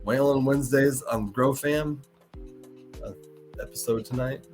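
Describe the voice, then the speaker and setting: An earnest man hosts a live podcast and talks in a halting way, often repeating and restarting his words as he goes. His pitch sits in an ordinary middle range, and faint music plays behind him. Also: fairly even intonation, a little mellow. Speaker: podcast host.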